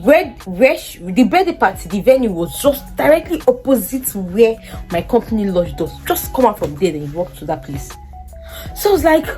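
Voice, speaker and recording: A young woman with a Nigerian English accent telling a personal story to her vlog audience, lively and acting out what people said. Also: fairly quick, soft background music. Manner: animated, acts out quoted dialogue in a much higher voice. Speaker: vlogger. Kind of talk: casual storytelling.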